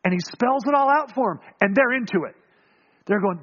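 A male pastor preaching a sermon, telling the story with animated acting-out of voices and frequent chuckles. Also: very high-pitched, a little fast, dull audio.

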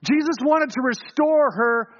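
A man preaching a sermon, telling the story and acting out quoted voices, swinging from quick, loud runs to low, hushed lines. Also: lo-fi sound.

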